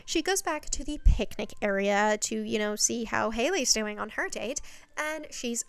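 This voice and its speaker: A woman's voice: on the high side, lively intonation, normal speed, vocal fry, clean tone, no echo. A woman chatting casually as she recaps a series, rambling with fillers and the odd swear. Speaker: channel host recapping a series.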